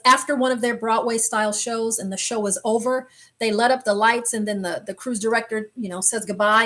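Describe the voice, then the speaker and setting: A woman hosting a travel live stream, telling a story casually and animatedly, acting out what people said. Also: on the high side. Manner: animated, exclaims and acts out quotes. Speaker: travel channel host.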